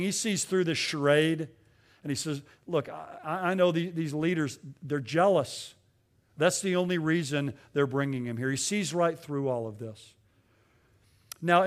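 Earnest male pastor, slightly higher voice. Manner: earnest, explanatory, with frequent restarts. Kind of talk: expository sermon.

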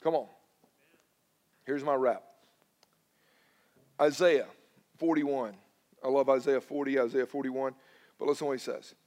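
A male pastor, preaching a sermon and swinging between loud emphatic lines and hushed, personal ones. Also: medium pitch, steady tone, measured pace, pauses often, big-room sound. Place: church sanctuary.

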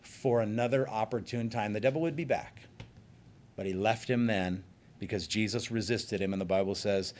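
A man's voice: on the low side, a little mellow, a little hiss or hum. Man preaching an earnest sermon. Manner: earnest, emphatic preaching with slowed stresses. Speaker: pastor.

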